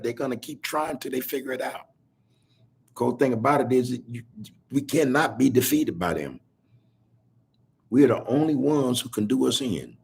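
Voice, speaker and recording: A man's voice: mid-range voice, gravelly, slightly rough. A man hosting a podcast on a video call, talking in a preachy, rambling, drawling way. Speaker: podcast host. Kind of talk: casual commentary.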